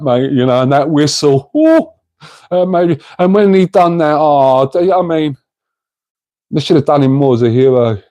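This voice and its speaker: Chatty man with a mellow voice. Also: on the high side, lively intonation, normal speed, no echo. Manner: rambling, chatty, addresses viewers as mate. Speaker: livestream host reading chat. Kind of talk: casual livestream chat.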